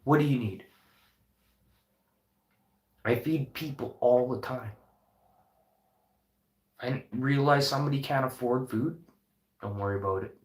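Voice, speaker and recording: Speaking unhurriedly with long pauses, this restaurant owner addresses the camera in a mid-range voice that echoes around the room. His off-the-cuff motivational vlog is heartfelt, fiery and thick with swearing.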